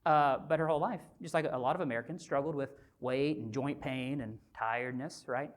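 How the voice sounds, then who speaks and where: A male physician giving a motivational conference talk, conversational and animated, often asking the audience rhetorical questions. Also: medium pitch, brisk. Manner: animated storyteller. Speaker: physician and speaker at a health summit.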